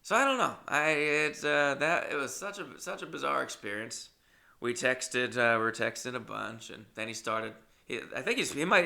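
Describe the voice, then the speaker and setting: A young man, a comedian and podcast host, telling a story in casual monologue, swearing freely and acting out the dialogue in lively bursts. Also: medium pitch, creaky.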